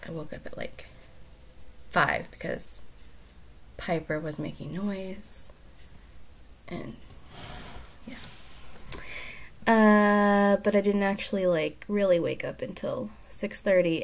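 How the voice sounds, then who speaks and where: A woman who reads a storybook aloud and then chats casually, soft-spoken and often dropping to near-whispers. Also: on the low side, slow, vocal fry, pauses often, a little hiss or hum.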